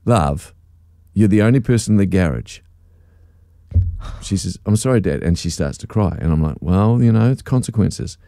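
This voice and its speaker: A man's voice: low-pitched, moderate pace, gravelly, no echo. A New man hosting breakfast radio tells a family story with a voice that rises and falls widely, and he acts out the people in it. The sound is dry and close, straight into a studio mic. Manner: animated storyteller who acts out voices and laughs. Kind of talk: casual storytelling chat. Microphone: studio microphone.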